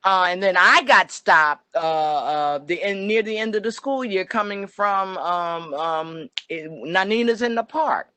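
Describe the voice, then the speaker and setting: An older woman telling a personal story on a video call, animated and acting out the voices she quotes. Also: mid-range voice, measured pace, hardly any pauses, smooth, no room sound. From New Jersey. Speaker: webinar presenter.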